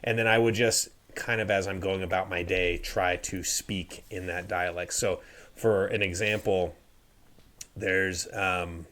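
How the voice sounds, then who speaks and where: A young man co-hosts a casual podcast in a deep, low voice. He hesitates often and fills pauses with ums and restarts. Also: fairly even intonation, a bit bright. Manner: hesitant, many fillers. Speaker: podcast co-host.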